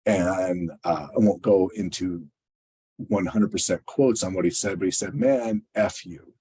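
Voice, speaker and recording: A man presenting a training webinar, talking conversationally and often checking in with a quick question to his listeners. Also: low-pitched, fairly even intonation, dark tone, breathy edge, poor audio. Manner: conversational, tag questions, fillers; acts out quoted exchanges.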